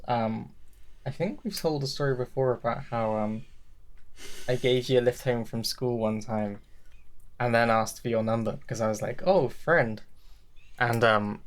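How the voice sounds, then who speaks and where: A man's voice: medium pitch, steady tone, a little slow, pauses often, a bit bright. A man hosting a podcast in casual chat, rambling, swearing and laughing often. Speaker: podcast host.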